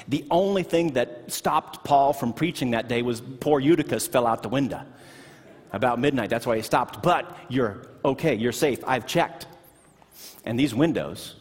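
Man, middle-aged, pastor, sermon, animated storyteller, church sanctuary, long reverb. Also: medium pitch. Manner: animated storytelling, shifting from excited to hushed.

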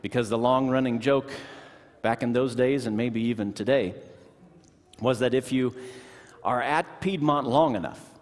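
A middle-aged man preaching a sermon in a church, telling stories with animated energy that drops to hushed tones. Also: mid-range voice, a little slow, long pauses, a little hiss or hum. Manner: animated storytelling, shifting from excited to hushed. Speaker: pastor. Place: church sanctuary. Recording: long hall reverb.

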